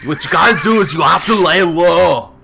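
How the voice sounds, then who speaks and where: A man voicing a gruff, muscular male action-hero fixer who gives blustery orders. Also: high voice, normal speed, pushed and bright, faint music behind, pitched above the performer's own voice, exaggerated voice. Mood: commanding.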